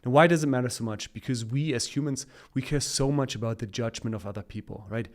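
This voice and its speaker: A man talking as a podcast guest in a casual, upbeat way. He coaches more than he lectures, and his voice sits at an ordinary middle pitch. He laughs easily between points. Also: fast.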